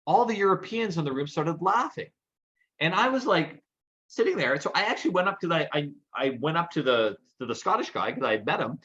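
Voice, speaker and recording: A man co-hosting a podcast and telling lively anecdotes in casual chat. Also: fairly high pitch, a little fast, muffled recording. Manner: animated anecdotal storyteller. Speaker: podcast co-host.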